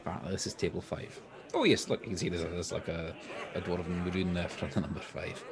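A man's voice: sits low, fairly even intonation, brisk, a crowd in the background. A man playing a tabletop role-playing game in character, playful and chatty with many asides. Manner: playful, lots of asides and restarts.

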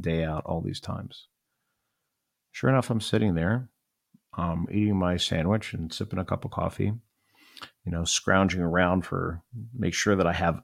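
Gravelly low-voiced man telling a story. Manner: rambling, reflective, repeats phrases. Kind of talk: personal storytelling.

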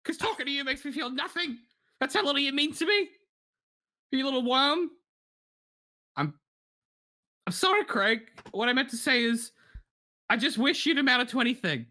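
Give me a sneering, scornful mom with a bright voice, as a man fakes her for a podcast sketch. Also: very high voice, lively intonation, voice pushed up, full character voice. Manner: contemptuous, halting insults. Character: cruel scornful mother belittling her grown son.

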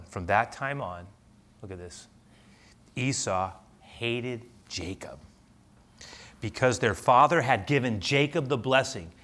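A male pastor preaching a sermon, telling a scripture story with lively, acted-out energy. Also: lowish voice. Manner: animated storyteller, acting out the scripture.

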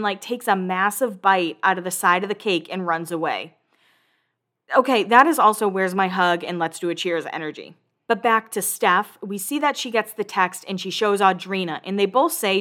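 A woman with a mid-range, slightly bright voice hosts a podcast, recapping a reality show in casual conversation. She's chatty, swears, and acts out quotes.

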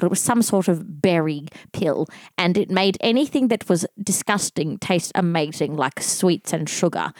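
A woman's voice: fairly low pitch, a little mellow, no echo. A woman hosting a comedy podcast. She rambles and giggles in casual chat. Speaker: podcast host.

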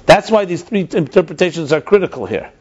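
A man's voice: on the high side, expressive, a little fast, a little mellow, husky. A man explaining ideas in a conversational teaching style, emphatic and repeating his key points. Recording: dull lo-fi recording.

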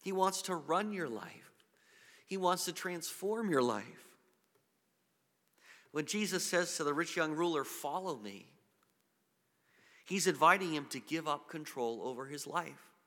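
Man, pastor, bright forceful voice, sermon, earnest with restarts, long reverb. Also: on the high side, lively intonation, unhurried, pauses often. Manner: earnest preaching with many restarts and repeated words.

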